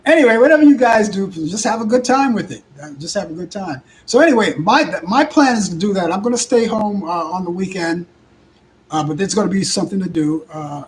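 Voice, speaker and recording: A hoarse older man with a Brooklyn accent, hosting a live talk show in rambling casual chat with halting restarts. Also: fairly high pitch, a little hiss or hum, low-quality recording. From Brooklyn, New York. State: hoarse, voice worn out. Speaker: host.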